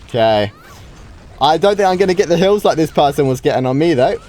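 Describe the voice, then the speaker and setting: Slightly high and expressive with a darkish tone, the man's voice moves a little fast. A gaming streamer from the United Kingdom, he reacts to his own live duels in a casual way, full of wows and restarted sentences, over faint game music.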